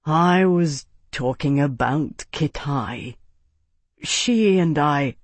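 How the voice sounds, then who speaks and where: An embarrassed young man rambles in halting bursts in an audiobook reading, voiced by the narrator. His tone is a little husky. The sound is close and dry. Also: on the high side, expressive, darkish tone, no echo. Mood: flustered. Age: young adult.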